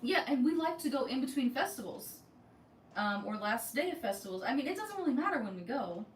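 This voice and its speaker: Very animated and high-pitched, this woman talks a little fast while co-hosting a casual podcast for a theme park vlog channel. She's a chatty storyteller who acts out the dialogue, and the mic sits far off in an echoey room with faint noise.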